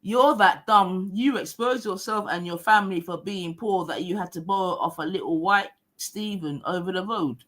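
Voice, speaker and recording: A woman's voice: on the low side, normal speed, hardly any pauses, fairly bright tone. A woman hosting a livestream, ranting combatively in heavy slang and swearing, repeating her points. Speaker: livestream host. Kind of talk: heated livestream rant.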